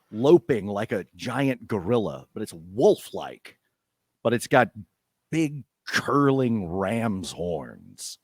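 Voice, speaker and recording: A man narrating as game master, lively and unhurried, with many fillers. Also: lowish voice, husky, no room sound, clean studio sound.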